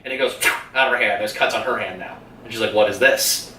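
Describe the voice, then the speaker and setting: A man retells a movie's plot with a bright, forceful voice, swearing freely and laughing between scenes. He sits some way from the mic in a roomy, echoing space, with a faint hum behind him. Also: fairly low pitch, fast talker, recorded from a distance. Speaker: podcast co-host. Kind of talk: casual movie review chat.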